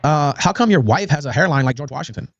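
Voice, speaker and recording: A man's voice: a little high, lively intonation, fast, no echo. A man calling in to argue, trading abrasive insults. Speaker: caller. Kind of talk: heated call-in argument. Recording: lo-fi call audio.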